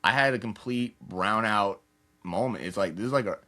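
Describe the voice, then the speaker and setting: A young man in his twenties, a podcast guest telling a candid personal story in a loose, rapid way, acting out what others said. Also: fairly low pitch, sharp tone. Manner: rapid, loose storytelling full of "like" and acted-out quotes.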